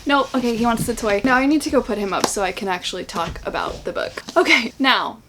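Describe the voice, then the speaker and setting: A woman chatting casually at home in a reading vlog, excitable and gushing, laughing often between thoughts. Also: on the high side, normal speed, noisy background. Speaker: book vlogger.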